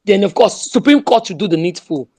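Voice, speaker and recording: A woman with a Nigerian accent speaks with fierce conviction, hammering home the same slogans again and again. Her voice sits at a middle pitch, and she slips into pidgin phrases as she rallies her listeners. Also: lively intonation, a little fast, mellow, breathy edge. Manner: emphatic, repeats slogans, mixes in pidgin. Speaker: speaker in an online audio room. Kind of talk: impassioned political speech.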